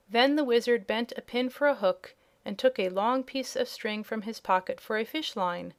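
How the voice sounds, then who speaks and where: A woman reads a classic children's story aloud. Her narration is even and clear, in a plain storytelling manner. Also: fairly high pitch, moderate pace, hardly any pauses. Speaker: audiobook narrator.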